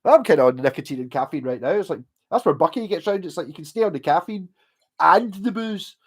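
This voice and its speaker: A man's voice: high voice, expressive, fairly quick. A man with a Scottish accent, tipsy from drinking, rambling and swearing heavily as he chats casually on a live stream.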